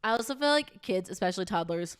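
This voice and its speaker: A woman's voice: mid-range voice, animated, quick pace, clear, resonant tone. A young woman in her twenties co-hosting a podcast, talking casually and animatedly with heavy use of "like". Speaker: podcast co-host. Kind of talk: casual chat.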